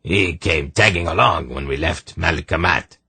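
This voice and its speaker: A man voicing a coarse, blunt male merchant who speaks gruffly and plainly. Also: extremely low pitch, measured pace, bright, forceful tone, no room sound, exaggerated voice.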